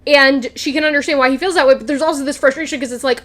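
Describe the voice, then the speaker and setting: A woman's voice: high voice, racing. A young woman vlogger chatting casually and gushing as she recaps a TV episode, slipping into quoted lines. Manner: gushing, animated, quotes characters in voices.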